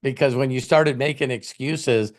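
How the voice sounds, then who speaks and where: A man with a mid-range voice and a moderate pace hosts a casual motivational talk. As a motivational coach, he rambles in a conversational way and acts out little scenes.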